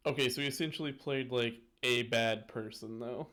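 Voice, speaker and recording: A man's voice: mid-range voice, normal speed, a bit bright. A man co-hosting a casual movie podcast, playful and joking, who often trails off mid-thought. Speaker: podcast co-host. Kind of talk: casual chat about movies.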